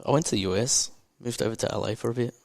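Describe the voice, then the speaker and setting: A man's voice: medium pitch, very fast, creaky, dry recording. Blunt, emotional Australian man, dry close sound. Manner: emotional, blunt, swears often. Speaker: entrepreneur guest. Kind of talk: candid podcast interview.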